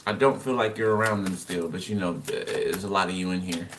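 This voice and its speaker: A lower-voiced man chats through a tarot reading in a loose, offhand way and laughs to himself between cards. He sits back from the microphone, and loud steady noise runs under his voice. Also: fairly quick. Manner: loose and chatty, laughs to himself, talks to the viewer while pulling cards. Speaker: tarot reader. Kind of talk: casual tarot reading monologue. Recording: distant mic with loud background noise.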